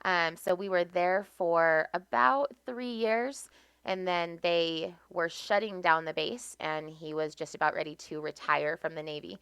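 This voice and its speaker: A woman with an American accent tells stories in an animated, easy way. Her voice is low for a woman, but bright and crisp, and the recording is dry and close. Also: unhurried, no echo. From United States. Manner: animated, laughs often while telling stories. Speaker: podcast guest. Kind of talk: casual storytelling.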